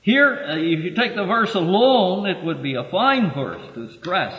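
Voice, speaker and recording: A man giving a sermon-style Bible lesson, halting with many filler pauses and lifting his voice to read verses. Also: high voice, sing-song. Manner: reads verses aloud with raised emphasis. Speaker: preacher teaching from scripture. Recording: dull echoey recording from a hall.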